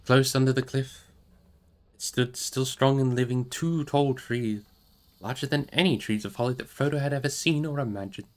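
A man reading a fantasy novel aloud on a live stream in a steady, measured way. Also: mid-range voice. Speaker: audiobook reader on a live stream.

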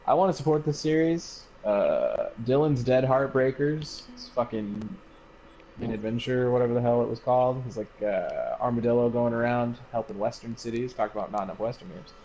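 A man co-hosting a casual gaming chat, laid-back, unhurried and profane. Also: mid-range voice, mellow, lo-fi sound, a little hiss or hum. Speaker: co-host.

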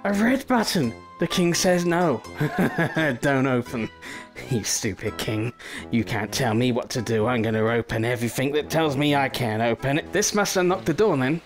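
A young man giving excitable gameplay commentary, full of swearing and mock threats. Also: medium pitch, normal speed, faint music behind. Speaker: gaming YouTuber.

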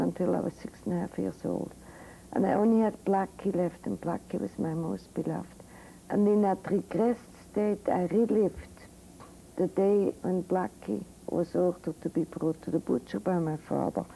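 An older Swiss woman psychiatrist tells medical students a personal story in a frank, vivid lecture. Her voice sits on the low side, warm with vocal fry, though the audio is poor. It's an old 1982 recording with a faint hiss.

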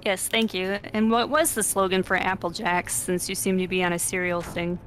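A woman's voice: lowish voice, flat delivery, moderate pace, fairly bright tone, slight background noise. A young woman co-hosting a let's-play, bantering and teasing her dad in casual chat. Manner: playful, teasing. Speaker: co-host of a gaming channel.

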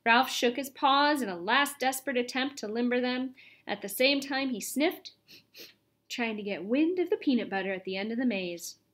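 A woman reading a children's chapter book aloud in an expressive, lively storytelling manner. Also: a little high, normal speed. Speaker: audiobook reader.

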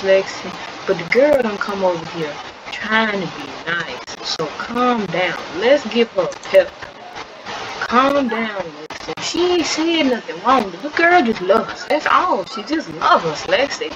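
A woman's voice: medium pitch, close to an everyday voice. A woman doing a firm peacemaking young brother. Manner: firm yet coaxing, slowed. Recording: slightly dull recording with steady background noise.

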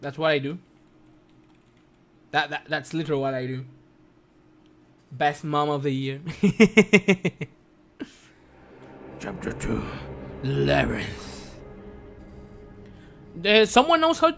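A man whose first language is Spanish, streaming a game live in broken English, jumpy and quick to yelp and curse when startled. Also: a little high, fairly bright tone, faint music behind. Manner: broken, non-native English.

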